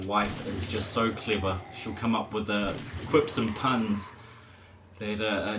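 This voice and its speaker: A man's voice: fairly low pitch, a bit bright, a little hiss or hum. A man chatting casually on a live stream while he plays, rambling, chuckling often and swearing at the game.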